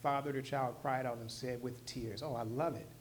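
A man preaching a sermon in a casual, slangy way, swinging from loud, emphatic stretches to soft, low asides. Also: fairly even intonation, moderate pace, a little hiss or hum. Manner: conversational, slangy, with short emphatic repeats. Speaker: pastor.

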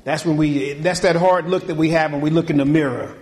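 A man preaching a sermon, folksy and conversational, swinging between loud, high exhortation and quiet, low talk. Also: steady tone, fairly quick, few pauses. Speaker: pastor.

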